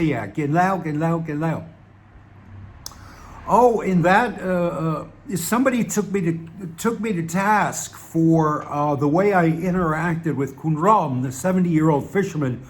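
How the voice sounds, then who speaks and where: An older man talking casually to the camera in a rambling one-take monologue, full of fillers and repetition. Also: fairly high pitch. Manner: rambling, repeats himself, many uh fillers. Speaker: vlogger.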